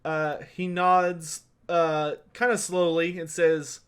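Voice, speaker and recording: Man, game master, high-pitched casual tabletop narrator. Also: level tone, takes it slowly, a bit bright, clean tone. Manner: casual, filler-heavy narration.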